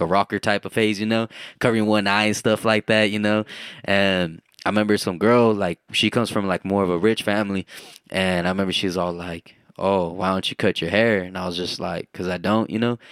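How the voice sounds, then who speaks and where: A man's voice: on the low side, a bit bright, smooth, no room sound, studio quality. A young man from the United States, co-hosting a podcast in loose, rambling casual chat full of fillers and swearing. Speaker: podcast co-host.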